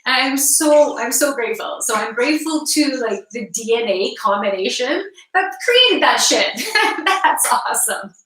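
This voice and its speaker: A woman's voice: high voice, big pitch swings, unhurried, fairly bright tone. A woman chatting frankly on a live stream, giggling often and swearing casually. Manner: giggly, laughs often between phrases. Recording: roomy echo, mic at a distance.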